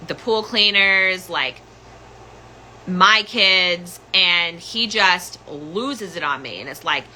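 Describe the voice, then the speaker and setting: Woman, young adult, podcast host, casual personal story, rambling, lots of fillers, slightly low voice, very bright tone. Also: slow pace, slight background noise, low-quality recording. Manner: rambling, filler-heavy, full of "like" and "um".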